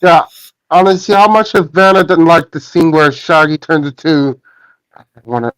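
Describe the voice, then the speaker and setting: A man hosts a casual chat in a slightly high voice, stopping and restarting his sentences as he goes. The recording is dry and close, with little room sound. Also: steady tone, fairly bright tone, smooth, no echo, low-quality recording. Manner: halting, with frequent restarts.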